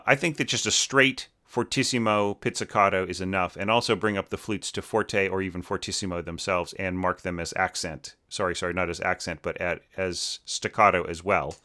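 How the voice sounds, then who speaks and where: A man with a fairly low but bright, forceful voice talks through a student's orchestral score. He thinks aloud, keeps checking in with "right?", and sometimes sings rhythms on nonsense syllables. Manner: thinking aloud, many fillers and tag questions. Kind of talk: casual spoken critique.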